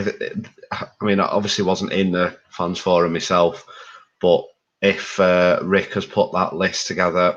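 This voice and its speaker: A man's voice: low voice, a bit bright. A man talking as a fan pundit in a casual discussion. He speaks candidly, rambles and swears. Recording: dull lo-fi audio.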